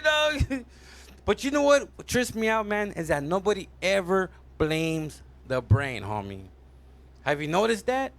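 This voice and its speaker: A man's voice: sits high, a bit bright. A man telling a stand-up joke in a loose, slangy way, tagging nearly every phrase with "man" or "homie". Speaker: comedian. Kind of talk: stand-up storytelling.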